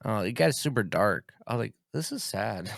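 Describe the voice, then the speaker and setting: A man with a low, gravelly voice chats casually as a podcast co-host. He reacts in a laid-back, wry way. The recording is dry and close, with no room sound. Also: big pitch swings, moderate pace, a bit bright, dry recording. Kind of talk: casual chat.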